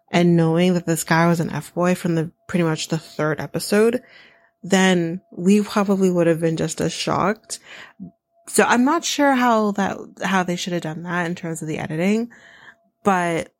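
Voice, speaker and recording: A woman's voice: lowish voice, no room sound. A woman hosting a podcast, recapping a show in casual chat, blunt and sarcastic, swearing freely and laughing at her own asides. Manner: lively, laughing asides, addresses listeners.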